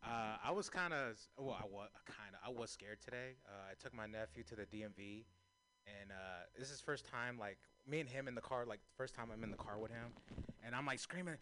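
A man doing a crude, self-mocking stand-up comedy set on a club stage, breaking into loud shouts. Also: mid-range voice, fairly quick.

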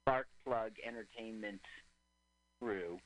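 A man's voice: lowish voice, slow pace, no echo, rough recording. A man co-hosting a radio podcast, chatting casually and with opinions about a movie they are watching, laughing often. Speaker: podcast co-host. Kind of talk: casual movie riffing chat.

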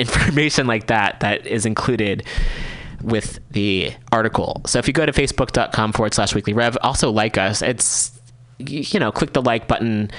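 A man's voice: lowish voice, a bit bright. A male radio host reading a news article aloud and describing a chart, breaking in with candid, casual asides. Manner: casual, candid asides between read passages. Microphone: studio microphone, no camera.

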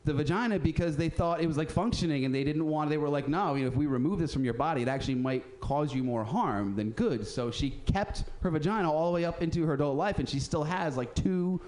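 A man's voice: on the high side, fast talker, hardly any pauses, a little mellow. A man hosting a radio show, telling street stories in a casual, profane way and acting out the people he quotes. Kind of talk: casual storytelling chat.

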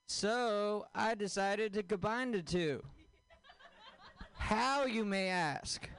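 Slow-talking high-voiced man doing stand-up. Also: clean tone. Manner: deadpan, crude punchlines, asks the audience questions. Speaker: stand-up comedian. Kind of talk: stand-up comedy set.

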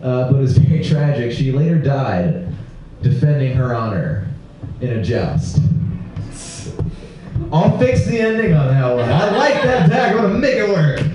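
A man doing a stand-up set at a small comedy venue, deadpan and self-mocking, slowing down for his punchlines. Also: mid-range voice, noisy background. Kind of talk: open-mic stand-up set. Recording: roomy live recording from far off, dull sound.

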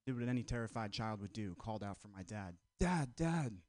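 Man telling deadpan one-liners. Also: fairly low pitch, fast talker, dry recording, studio quality. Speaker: stand-up comedian.

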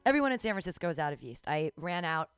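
A woman's voice: lowish voice, very animated, fast, smooth, soft background music. A woman hosting a show, chatting casually, playful and rambling. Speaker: host. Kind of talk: casual chat.

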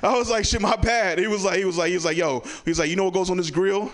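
A man's voice: sits high, steady tone, quick pace. Man telling stand-up stories. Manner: storytelling with lots of "right?" asides; acts out family members loudly. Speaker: stand-up comedian. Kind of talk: stand-up comedy set. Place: comedy club stage.

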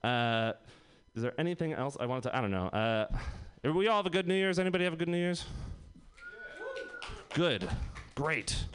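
Rambling young stand-up comic. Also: male voice, a little high, expressive, normal speed, pauses often, fairly bright tone, smooth. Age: 20s. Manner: rambling, laughs at own jokes. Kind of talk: stand-up comedy set.

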